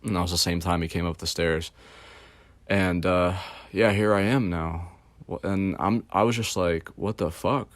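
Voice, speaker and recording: A man's voice: low-pitched, no room sound. A man, the host of his channel, telling a story in a casual, rambling way, full of swearing and fillers. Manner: rambling and profane, heavy fillers.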